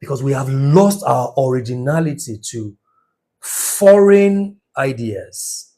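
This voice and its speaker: A man's voice: mid-range voice, lively intonation, slow pace, mellow. A middle-aged man teaching business numerology in an impassioned lecture, stressing words by drawing them out and asking rhetorical questions.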